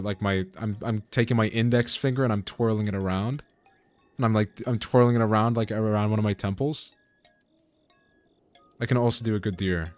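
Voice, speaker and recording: A man's voice: on the low side, dry recording. Male streamer, casual rambling game chat, faint music under it. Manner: rambling, self-interrupting, chatty with viewers. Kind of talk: casual gaming commentary.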